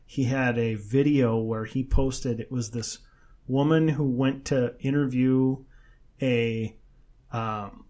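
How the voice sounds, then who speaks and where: A man's voice: mid-range voice, slow. Chatty man retelling a story. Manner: animated storyteller, acts out quotes with laughter. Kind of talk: casual podcast chat.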